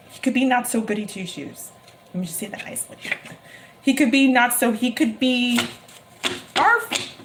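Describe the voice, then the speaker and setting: A woman giving a live-streamed tarot reading, talking emphatically and repeating her phrases with excitement. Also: a little high. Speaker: tarot reader.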